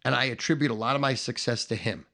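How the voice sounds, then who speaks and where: A man's voice: medium pitch, fast, gravelly, bright, forceful tone. A middle-aged man telling a profane, boastful story, emphatic and swaggering, building up through repeated phrases.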